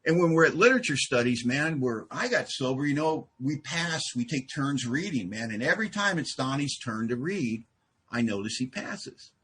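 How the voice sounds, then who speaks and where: Husky gravelly-voiced guy at a meeting mic, cracking dry jokes about himself. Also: mid-range voice, expressive, moderate pace, fairly bright tone. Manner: self-deprecating, wry, acts out quoted exchanges. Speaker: AA meeting speaker. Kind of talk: humorous personal storytelling speech. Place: live group meeting.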